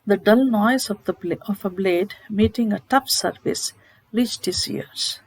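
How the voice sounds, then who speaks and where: A woman's voice: mid-range voice, measured pace, husky, no echo, rough recording. A woman teacher retelling a short story in a literature lesson, asking herself questions and checking in with "okay?". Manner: explanatory, asks rhetorical questions, checks with "okay?".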